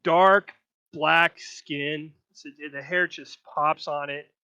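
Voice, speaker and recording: A man's voice: a little high, fairly even intonation, slow, pushed and bright, clean tone, no echo. A man narrating as game master, talking in a loose, chatty way with frequent restarts. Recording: slightly dull lo-fi mic.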